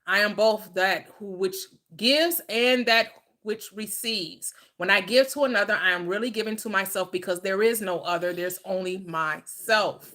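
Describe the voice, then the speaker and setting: A woman's voice: mid-range voice, normal speed, few pauses. A woman hosting a casual talk about money and receiving, speaking with animation and acting out little scenes. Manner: animated, plays out scenes aloud with exclamations. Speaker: host. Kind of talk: casual chat.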